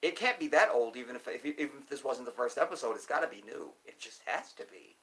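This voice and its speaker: A man's voice: mid-range voice, fast, low-quality recording. Emphatic man ranting to camera. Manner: animated, emphatic, repeats points for stress. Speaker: commentator. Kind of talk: casual monologue.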